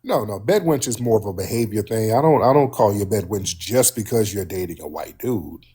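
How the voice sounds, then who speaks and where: A man's voice: lowish voice, animated, a little fast, mellow, husky. A man hosting a heated live-stream call-in debate, blunt and combative, talking over his callers. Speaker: livestream host.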